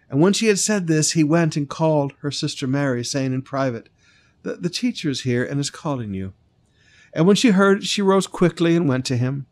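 A man's voice: a little high, darkish tone. Male pastor preaching. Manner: preaching with rising emphasis, breaks into sung lines. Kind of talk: sermon.

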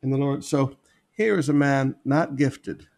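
A man's voice: mid-range voice, unhurried, a little mellow. A man preaching a sermon, repeating key phrases for emphasis as he reads and explains scripture.

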